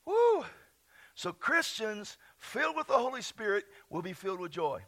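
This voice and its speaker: A high-voiced male pastor preaching with exuberant energy, his pitch leaping all over as he whoops and shouts out scripture. His tone is bright and forceful, and he laughs at his own jokes from the pulpit. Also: very animated, normal speed. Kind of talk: lively sermon. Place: church.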